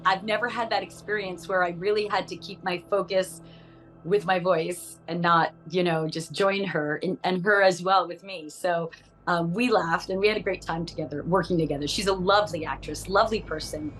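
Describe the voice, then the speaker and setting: Actress guest, animated and laughing, music underneath. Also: female voice, lowish voice, moderate pace, low-quality recording. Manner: animated storyteller who laughs often and acts out voices. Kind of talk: casual interview chat.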